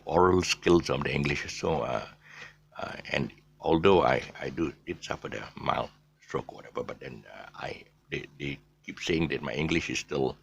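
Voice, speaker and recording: A man with a deep, low-pitched voice and a gravelly edge teaches pronunciation in a loose, unscripted way. He stops often for fillers and restarts, and spells out letters as he explains. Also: fairly bright tone. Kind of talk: casual pronunciation lesson.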